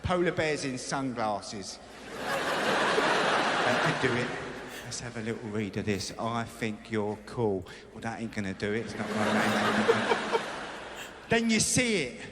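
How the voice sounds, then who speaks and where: Animated stand-up comedian, hall echo. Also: male voice, mid-range voice, a little slow, pauses often. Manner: animated storytelling, acts out his own panic. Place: live comedy stage in a big hall. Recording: live hall recording with loud crowd noise.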